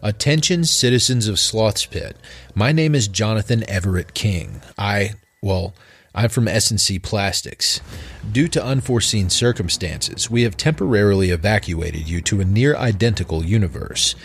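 A man's voice: lowish voice, animated, moderate pace, slightly rough. A man voicing a nervous, bumbling male scientist who stammers and hesitates. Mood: announcing.

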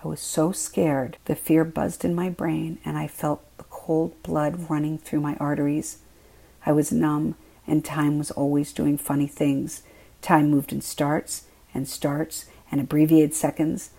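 Woman, memoir reading, gravelly, flat delivery, quiet, intimate. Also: low voice, unhurried, poor audio. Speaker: memoir author reading her own work. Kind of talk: first-person memoir reading.

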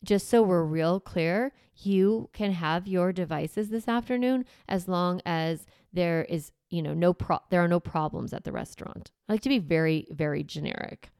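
A woman in her thirties talks through parenting tips in a relaxed, conversational way, slipping into what a parent would say to a child. Her voice sits a bit low with a gravelly edge yet stays smooth. The recording is dry and close. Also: moderate pace, hardly any pauses, dry recording. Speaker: parenting coach. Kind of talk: casual advice talk.

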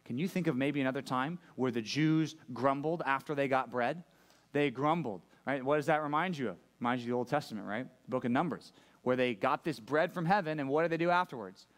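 A man's voice: mid-range voice, a little fast. A man preaching a sermon as pastor, conversational and joking, asking the room questions. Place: church room with a live audience.

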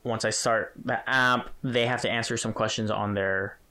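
A man co-hosting a casual podcast, telling an animated story and chuckling as he goes. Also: medium pitch, moderate pace. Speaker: podcast co-host. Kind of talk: casual chat.

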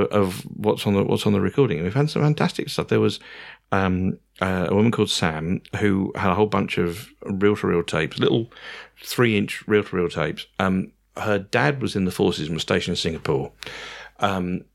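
A man with an English accent, a radio presenter telling stories in a rambling, casual way with many pauses and restarts. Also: sits low, gravelly. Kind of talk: casual podcast chat.

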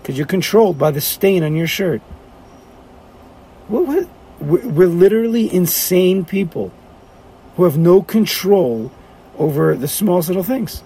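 A man's voice: sits high, expressive, normal speed, warm tone, breathy edge. A man teaching a class, talking animatedly and firing off rhetorical questions. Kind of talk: lively class lecture.

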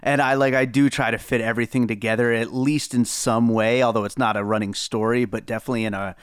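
A man's voice: mid-range voice, steady tone, quick pace, smooth, no echo, clean studio sound. A man co-hosting a podcast in casual chat, hesitant and mumbling at times, laughing often. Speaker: podcast co-host, musician.

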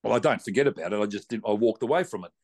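A man's voice: fairly low pitch, animated, very fast, darkish tone. A man with an Australian accent, a racing guest telling a long story in a blunt, salty, colloquial way. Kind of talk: casual storytelling.

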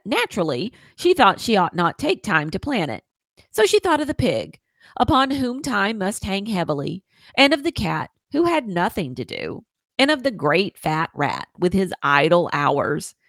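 A woman podcast host reading a children's story aloud in an expressive, sing-song way. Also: mid-range voice, moderate pace, no room sound.

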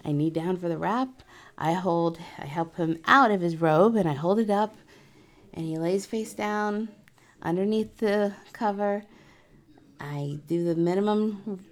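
A woman's voice: medium pitch, vocal fry, darkish tone. A middle-aged woman casually telling a personal story, chatty and laughing often as she quotes others. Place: in Florida.

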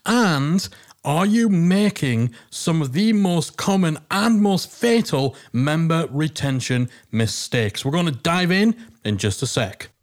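A man's voice: a little high, animated, takes it slowly. A man with a Geordie accent hosting a business podcast, talking in a chatty, emphatic, self-deprecating way. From Northeast England. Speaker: podcast host. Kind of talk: casual podcast monologue.

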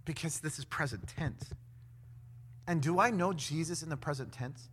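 Animated preacher in a reverberant hall. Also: male voice, on the high side, normal speed, a little hiss or hum. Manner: animated, acts out quoted voices with big swings in loudness. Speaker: pastor. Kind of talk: sermon.

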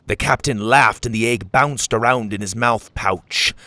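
A man narrating a children's adventure story in an animated way, voicing each character. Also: mid-range voice, no echo.

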